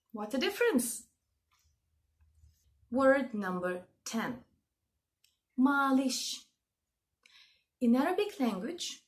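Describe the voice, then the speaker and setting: A woman from Russia with a Russian accent talks viewers through word meanings in a casual vlog. Her voice sits a little high, and she speaks slowly and deliberately. She lifts her pitch on each key word. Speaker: language video host.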